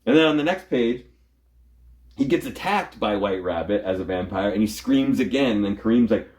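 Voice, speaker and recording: Guy with a lowish voice chatting about comics, rambles, does little voices for the characters. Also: expressive, darkish tone. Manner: rambling, acts out characters' lines in quick voices. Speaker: comic book show host. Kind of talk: casual chat recapping a comic.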